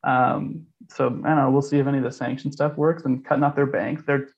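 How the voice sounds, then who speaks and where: Gravelly, rambling man with lo-fi sound. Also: medium pitch, steady tone, a little fast. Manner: rambling, blunt and profane, peppered with "like". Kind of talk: casual chat.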